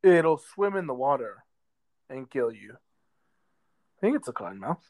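A man co-hosting a casual podcast, laid-back and drawn-out, with many ums. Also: mid-range voice, big pitch swings, a little mellow. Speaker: podcast co-host. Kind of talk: casual chat. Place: lives in a southern US metro area.

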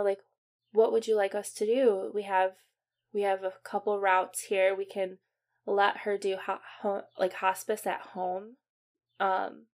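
A young woman hosting a podcast, recounting a personal story in a halting way, full of fillers and restarts, dropping quiet at the sad parts. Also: medium pitch. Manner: quiet and subdued at sad moments. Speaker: podcast host.

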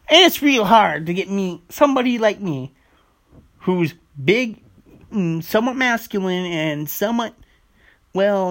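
A man's voice: sits high, fairly bright tone. Rambling, foul-mouthed man hosting a podcast. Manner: rambling, swears freely. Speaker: podcast host. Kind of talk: casual rambling monologue.

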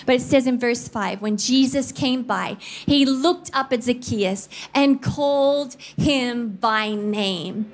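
Slightly high-pitched and unhurried, yet with barely any pauses, a pastor in her thirties from the Philippines preaches in a church studio. She tells stories with lively energy and playfully imitates voices.

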